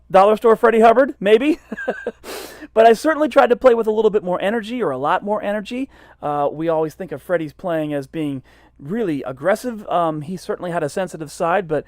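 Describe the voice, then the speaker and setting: Male jazz educator, relaxed and self-deprecating, slightly high voice, dry mic. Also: dry recording. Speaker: jazz trumpet teacher. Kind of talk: casual instructional talk.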